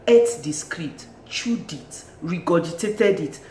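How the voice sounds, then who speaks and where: Nigerian accent, casual film review, animated, exclamatory, repeats words, echoey room, faint hiss. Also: mid-range voice, slow, few pauses.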